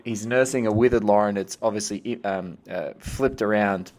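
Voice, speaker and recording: A man's voice: lowish voice, moderate pace, darkish tone. A man hosting a podcast, enthusiastic and thinking aloud with restarts in casual conversation. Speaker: podcast host.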